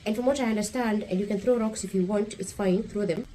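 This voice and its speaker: A woman's voice: medium pitch, fast talker, warm tone, a little hiss or hum, poor audio. A woman from Kenya with a Kenyan accent, giving blunt, provocative vlog commentary straight to her viewers. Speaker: vlogger. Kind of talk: opinionated casual vlog commentary.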